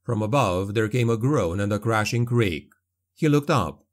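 A man narrating a dark fantasy audiobook in a steady, dramatic storytelling manner. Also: on the low side, moderate pace.

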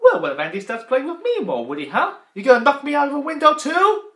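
Yorkshire man doing a high, brash, insulting cartoon toy potato, echoey room. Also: wildly swooping pitch, quick pace, exaggerated voice. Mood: taunting. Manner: loud, brash, jeering. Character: gruff wisecracking male toy potato, insulting.

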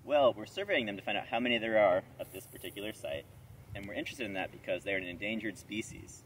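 Male field expert, steady explainer, distant mic with faint outdoor ambience. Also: fairly low pitch, quick pace, a little hiss or hum. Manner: calm, matter-of-fact explaining. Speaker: plant technician, field expert. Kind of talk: outdoor interview answers.

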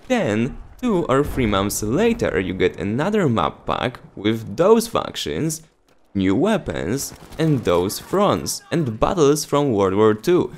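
Male gaming youtuber, Polish accent, lively sarcastic delivery, mid-pitched voice. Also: slow pace. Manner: sarcastic and exasperated. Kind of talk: casual commentary vlog.

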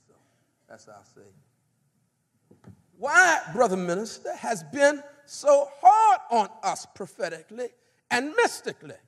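A man preaching a fiery sermon, shouting with passion and leading the crowd in call-and-response prayers in a large conference hall. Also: very high voice. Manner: impassioned, shouting, fired up. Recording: echoey hall.

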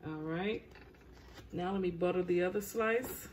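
A woman with a Southern US accent hosting a casual cooking vlog, chatty and quick to laugh at herself. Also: fairly low pitch, a little mellow, slight background noise. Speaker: cooking show host.

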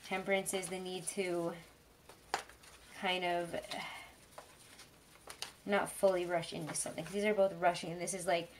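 Chatty low-voiced woman reading tarot. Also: a little hiss or hum. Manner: chatty, rambling, frequent fillers and soft laughs. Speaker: tarot reader.

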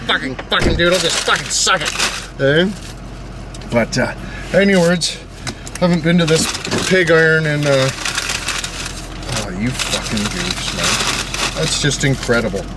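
Dude cursing nonstop while he drives, kinda high voice, loud road noise in the car. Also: expressive, a little slow, pauses often. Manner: swears constantly, slangy and joking. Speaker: vlogger. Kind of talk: casual driving vlog. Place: inside a moving car.

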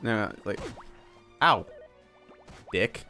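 A man's voice: on the low side, animated, very slow, pushed and bright, faint music behind. A young man casually commentating a role-playing game as he plays, swearing often and laughing and exclaiming at surprises. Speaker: let's play gamer.

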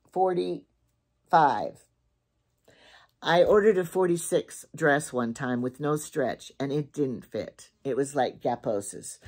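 Older lady with a low voice, just rambling on and chatting about her shopping. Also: a little mellow. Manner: chatty, rambling, thinks aloud and repeats herself. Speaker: shopping vlogger. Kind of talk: casual chat.

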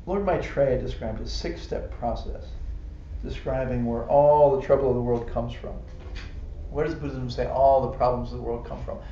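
This casual dharma class lecture comes from a man whose mid-range voice sounds mellow. Chatty and quick to laugh, he keeps asking "right?" and tossing in "you know" as he teaches Buddhism. The room echoes, and the dull live-stream audio carries a faint hiss.

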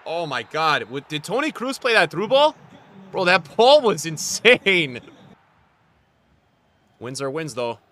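An excitable young man streams a football game and talks to his chat the whole time. His voice is bright and sits a little high. It leaps from low muttering to loud cries. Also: slow, long pauses. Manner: excitable, swings from mumbled asides to loud outbursts. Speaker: gaming streamer. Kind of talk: live gameplay commentary.

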